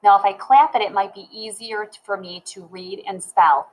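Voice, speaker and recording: Woman, phonics teacher, children's lesson, slow clear sounding out, mid pitch. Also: fairly even intonation, noisy background.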